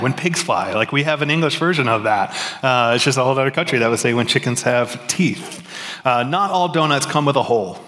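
A man's voice: medium pitch, a bit bright. A man preaching a sermon as pastor, in a casual, self-deprecating way with many fillers and restarts. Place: church sanctuary. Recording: reverberant hall.

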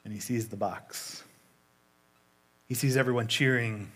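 A man preaching a sermon in a conversational way, retelling a story with lively asides. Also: medium pitch, measured pace.

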